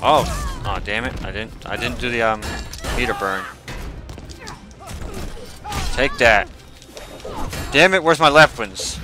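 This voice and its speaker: Excitable man yelling over game music. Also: medium pitch, takes it slowly, long pauses. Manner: excitable, swears and yells at the game. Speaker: video game player. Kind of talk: gameplay commentary.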